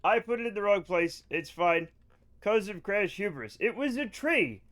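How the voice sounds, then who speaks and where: A man streaming a video game live, chatting to viewers in an excitable way with loud bursts of enthusiasm. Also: high voice, moderate pace.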